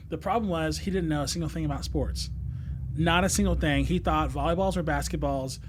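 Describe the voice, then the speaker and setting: Guy guesting on a podcast, kinda high voice, rambling story style w lots of ums and laughs. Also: brisk, background noise. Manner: rambling, many fillers and restarts; laughs as he tells stories. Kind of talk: casual storytelling chat.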